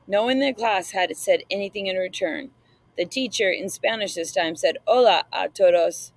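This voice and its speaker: A woman reading an audiobook aloud, narrating in the first person in a measured, reflective way. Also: medium pitch, vocal fry, low-quality recording.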